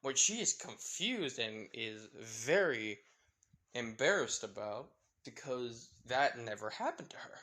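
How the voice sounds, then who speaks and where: A man's voice: mid-range voice, bright, forceful tone. Rambling casual male storyteller. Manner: rambling, self-correcting, filler-heavy. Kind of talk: casual fan-fiction storytelling.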